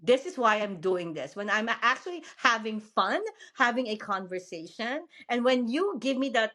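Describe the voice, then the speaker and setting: A woman from the Philippines with a Filipino accent, hosting a podcast interview in a frank, animated way with lots of fillers. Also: fairly high pitch, moderate pace. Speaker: podcast host. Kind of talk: casual interview chat.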